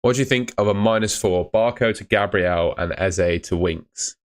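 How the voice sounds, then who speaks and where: A man's voice: fairly low pitch, normal speed. A young man hosting a live fantasy football stream, chatting casually and answering comments. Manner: casual, chatty, uses mate and fillers.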